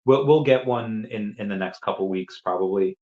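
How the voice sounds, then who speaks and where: A man's voice: lowish voice, moderate pace, highs cut off. A man hosting a casual livestream, answering chat questions in a rambling way and often repeating words as he restarts.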